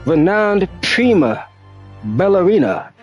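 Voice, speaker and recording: A man reading aloud as a theatrical, grandiose male detective, drawing his words out slowly and dramatically. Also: high voice, very animated, slightly rough, highs cut off, soft background music, voice pushed up, exaggerated voice. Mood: dramatic. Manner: slow, drawn-out dramatic reading. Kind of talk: reading game dialogue aloud.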